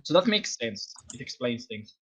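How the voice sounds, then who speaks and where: A man's voice: sing-song, normal speed. A man co-hosting a casual podcast over a voice call, teasing his co-host. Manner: teasing, pitch swings. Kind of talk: casual chat. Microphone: online voice call.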